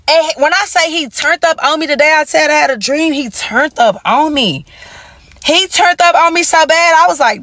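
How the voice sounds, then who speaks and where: Animated profane storytelling woman. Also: high-pitched, normal speed, no echo. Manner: animated, profane, emphatic retelling. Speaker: storytime vlogger. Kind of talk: storytime vlog.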